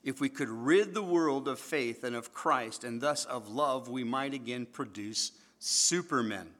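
A male pastor delivers a sermon in church with a bright, forceful voice. He keeps it animated, joking with the congregation and coaxing them to respond. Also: mid-range voice, a little slow.

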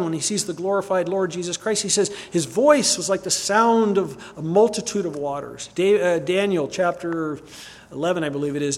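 A man with a high-pitched voice preaches a sermon. He reads Bible passages aloud and puts questions to his listeners, stopping now and then to correct a slip. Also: breathy edge. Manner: reads scripture aloud, asks the listeners questions, often stops to correct himself.

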